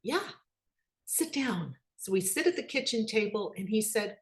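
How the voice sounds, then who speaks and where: A middle-aged woman telling personal stories about her children in an animated way, voicing their dialogue. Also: moderate pace. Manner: animated, acts out quoted dialogue with rising pitch. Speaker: speaker, children's book author. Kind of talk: personal storytelling talk.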